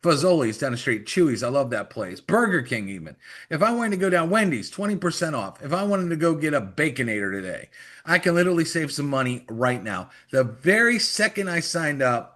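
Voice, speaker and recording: A middle-aged man giving a lively, persuasive sales training talk on a call, acting out quick mock conversations to make his point. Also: medium pitch. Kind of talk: motivational sales pitch on a call.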